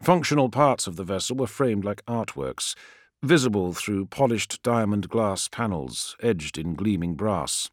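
A man reading a sci-fi novel aloud as narrator, with an expressive storytelling delivery. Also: lowish voice, measured pace, dry recording, studio quality. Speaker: audiobook narrator. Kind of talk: scripted narration.

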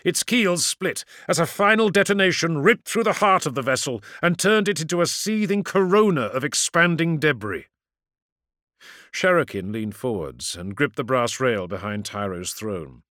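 Brief: animated male narrator, slightly high pitch, vivid dramatic audiobook reading. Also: normal speed, no echo, clean studio sound.

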